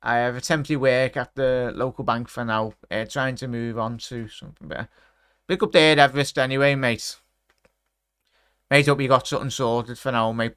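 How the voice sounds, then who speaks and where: A man's voice: medium pitch, fairly bright tone, clean tone, dry recording, studio quality. A young man in his twenties from England, hosting a live football watchalong stream, chatting with viewers, reading out their messages and commenting on the match. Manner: chatty, reads out viewer messages, calls everyone mate.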